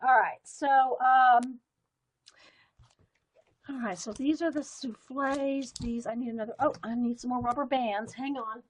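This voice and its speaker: A woman's voice: fairly high pitch, steady tone, measured pace, rough recording. Chatty woman sorting pens. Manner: chatty and rambling, talks while sorting pens. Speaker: livestream host. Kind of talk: casual live-stream chat.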